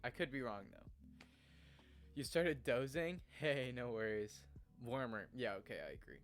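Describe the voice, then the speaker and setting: A man's voice: mid-range voice, expressive, a little slow, soft background music. A young man chatting casually on a morning stream from his home room, earnest and rambling, often laughing at himself.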